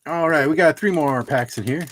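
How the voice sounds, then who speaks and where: A man's voice: a little high, normal speed, a bit bright. A middle-aged man hosting a casual livestream, chatting and laughing at his own jokes while opening trading cards.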